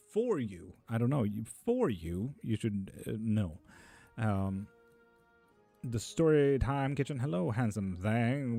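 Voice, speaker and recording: A man's voice: fairly low pitch, dark tone. A man reading tarot on a live stream, casually reading out chat messages and answering them offhand.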